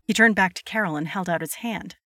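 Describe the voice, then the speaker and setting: A woman narrates a scripted horror story at a steady, measured pace. Her voice sits a little low and the recording is dry and close. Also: no room sound.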